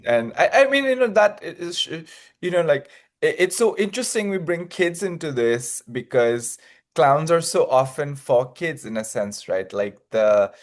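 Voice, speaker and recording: A man interviewing a guest in a casual conversation, giving quick agreeing remarks and energetic comments. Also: a little high. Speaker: interviewer, publicity director.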